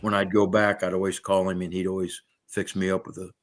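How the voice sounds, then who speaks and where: An older man, a former coach, softly reminiscing about his home town. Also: low-pitched, monotone, brisk.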